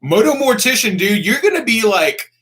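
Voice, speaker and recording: A young man doing a laid-back live stream, reading out donations and comments. He swears freely, calls everyone dude, and breaks into excited bursts. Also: sits high. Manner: bursts of excitement and quick laughs. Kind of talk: casual live-stream chat.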